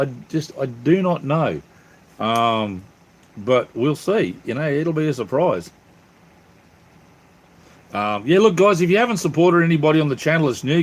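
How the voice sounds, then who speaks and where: An Australian man hosting a casual live stream from home, rambling cheerfully and calling his viewers mate and brother. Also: on the high side. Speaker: channel host reading live chat.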